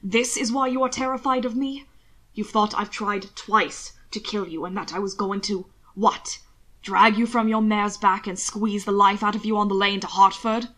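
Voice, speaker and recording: A woman voicing an anguished, commanding aristocratic husband in an audiobook reading of fan fiction, speaking low and intense and sometimes dropping to a hiss. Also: steady tone, normal speed, fairly bright tone, natural voice. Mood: hurt disbelief.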